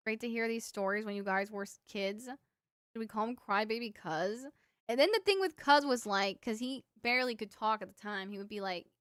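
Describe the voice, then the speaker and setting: Casting: young woman streamer, rambling anecdotes to chat, mid pitch, dry close mic. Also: fairly bright tone, clean tone, no echo. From Cuban family. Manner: rambling storyteller, lots of fillers, laughs at own stories. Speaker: livestream streamer. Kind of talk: casual chat with viewers.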